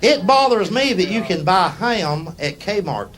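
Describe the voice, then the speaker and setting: A middle-aged American man performs folksy storytelling stand-up in a punchy drawl, recorded live on a comedy stage before a laughing audience, with loud crowd and noise. His voice is high-pitched with big pitch swings and a slightly slow pace.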